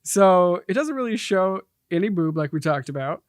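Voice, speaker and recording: A man in his thirties co-hosting a podcast, easygoing and quick to laugh. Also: high voice, expressive, no room sound, studio quality. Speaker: podcast co-host, producer. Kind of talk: casual podcast chat.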